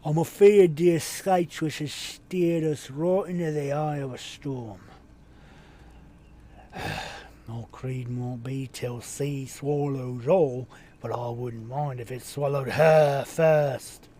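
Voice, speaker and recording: A man voicing a gruff, exasperated pirate commander in a video game, in a put-on rough sailor accent, barking orders. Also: medium pitch, steady tone, slow, mellow, slight background noise, close to an everyday voice. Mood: bossy.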